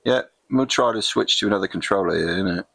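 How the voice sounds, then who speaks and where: A man's voice: fairly low pitch, lively intonation, slow, fairly bright tone, dry recording. A man putting on an overdone mock English accent as a jolly old English bloke, tagging "innit" onto his lines while commenting on a game. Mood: chirpy. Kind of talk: gaming commentary in a put-on voice.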